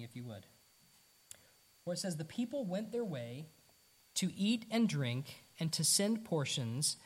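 A man's voice: a little high, slightly rough. Earnest man preaching a sermon. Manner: earnest, conversational preaching with rhetorical questions; repeats words, casual asides. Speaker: pastor.

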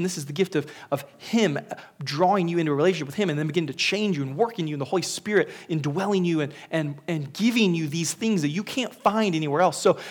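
A fairly high-pitched man preaches a funeral sermon as pastor, earnest and searching. He often restarts his sentences and at times drops to a whisper.

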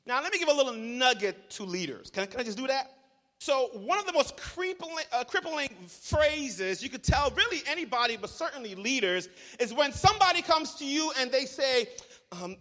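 A man preaching a sermon as pastor, telling the story with humor and animated asides. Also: extremely high pitch, normal speed. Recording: large hall reverb.

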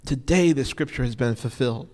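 A man preaches a conversational, informal sermon, repeating key phrases for emphasis and saying "you know" a lot. His mid-range voice is a little mellow and a touch fast, and the long reverb of a large hall surrounds it.

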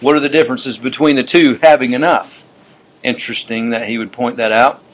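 A man's voice: mid-range voice, steady tone, a little fast. A man preaching a sermon, reading quotations aloud and adding chuckling asides. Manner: reads quotes aloud with warm asides and chuckles.

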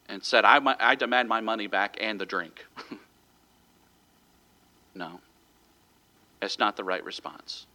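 Pastor, male, bright forceful tone, relaxed storytelling sermon delivery. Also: medium pitch. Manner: conversational storytelling with a light chuckle.

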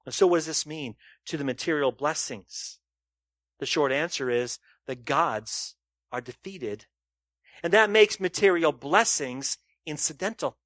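A man preaching a sermon in a somewhat high voice, the sound close and dry. He presses his listeners with rhetorical questions and swings between loud emphasis and soft, low asides. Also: lively intonation, measured pace, no echo. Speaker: pastor.

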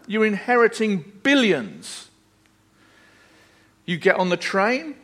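A man's voice: high voice, sing-song, slow, fairly bright tone. A preacher delivers a sermon with earnest emphasis. His voice sits a touch above most men's, and he swells and then drops his intensity to drive each point home. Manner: earnest and emphatic, with rising and falling intensity and repeated phrases.

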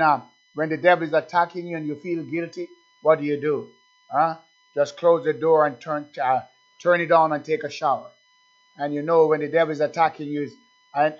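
A man preaching a sermon with fervor, swinging from shouted praise to low asides, with frequent fillers and restarts. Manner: fervent, rising to shouted hallelujahs and dropping to low asides; halting with many fillers and restarts. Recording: dull lo-fi recording.

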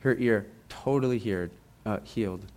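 A man preaching, telling a testimony in a lively storytelling way and often repeating his words as he goes. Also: on the low side, moderate pace. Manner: animated storytelling, acts out quoted voices, repeats words.

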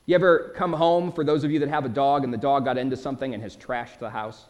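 A man preaching a sermon as pastor, animated, with dramatic quoted outbursts. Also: medium pitch.

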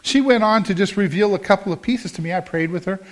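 A man's voice: high voice, fast. A middle-aged male pastor preaching a sermon, telling a story in a conversational way with emphatic rises.

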